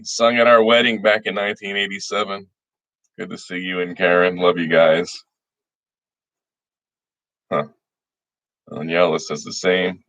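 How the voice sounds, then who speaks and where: In a dry recording, a middle-aged man's low, slightly bright voice comes through as he hosts a livestream. He's a state senator, folksy and casual, reading viewer names aloud to greet them and often restarting his sentences.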